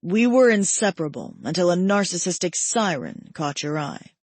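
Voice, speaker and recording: A woman narrator voicing a gentle, teasing male best friend in an audiobook, drawing out his words slowly. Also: lowish voice, sing-song, dry recording.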